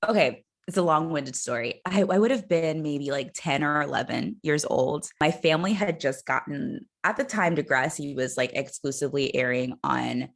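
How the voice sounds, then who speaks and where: A woman, a comedian guest on a video call, telling a story in a casual, animated way. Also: low voice, normal speed, gravelly, few pauses. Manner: animated storyteller, acts out quoted voices.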